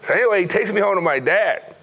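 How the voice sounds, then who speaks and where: A middle-aged former pro football player telling stories from his youth in a lively way, laughing often. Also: high voice, fast talker. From United States. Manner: animated storyteller, acts out quoted voices, laughs often. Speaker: former NFL player, guest. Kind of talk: storytelling interview.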